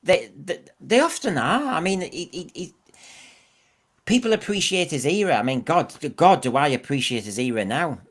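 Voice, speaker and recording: A man's voice: a little high, animated, normal speed, slightly rough. A man co-hosting a podcast, opinionated and fond of rhetorical questions in casual discussion. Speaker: podcast co-host.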